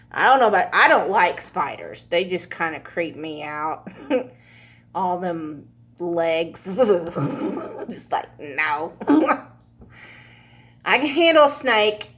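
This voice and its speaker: A woman's voice: fairly low pitch, big pitch swings, drawn-out words, long pauses, a bit bright. A woman giving a casual pick-a-card tarot reading, chatty and laughing often, with frequent swearing. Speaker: tarot reader.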